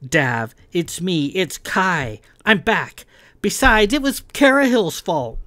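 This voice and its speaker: A man reading a hot-tempered, insubordinate young woman lieutenant, mocking and sharp-tongued. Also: fairly high pitch, animated, slow pace, dry recording, heavily acted. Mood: pleading. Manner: condescending, shouting and mocking.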